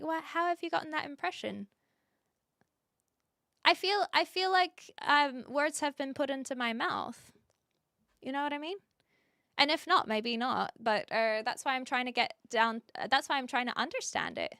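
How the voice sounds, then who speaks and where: Woman streaming, chatting to viewers, earnest, lots of ums, bright voice, dry sound. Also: high-pitched, expressive, moderate pace, no room sound. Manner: earnest, many restarts and fillers. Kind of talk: casual chat reading viewer comments.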